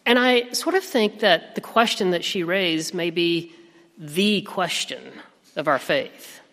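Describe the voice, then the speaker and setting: A man in his thirties preaching a sermon as pastor, telling a family story in a gentle, reflective way. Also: high-pitched, unhurried. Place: church sanctuary. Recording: reverberant sanctuary.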